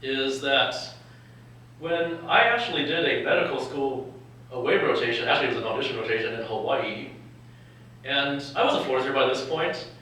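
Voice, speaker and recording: A man's voice: medium pitch, normal speed, pushed and bright, a little hiss or hum. A young man from California, a doctor speaking to medical students at a live event, joking and chuckling often, recorded from far off in a lecture hall. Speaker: physician and medical educator.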